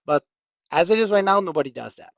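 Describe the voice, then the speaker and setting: A man's voice: high-pitched, expressive, quick pace, gravelly, no echo, dull audio. A man with a French accent presenting a technical workshop walkthrough, explaining with many hesitant fillers.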